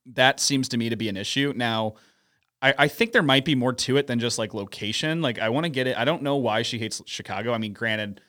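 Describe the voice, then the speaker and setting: Male podcast co-host from St. Louis, mid-pitched voice, loose rambling chat. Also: fairly quick, pushed and bright. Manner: rambling, lots of restarts and hedging fillers.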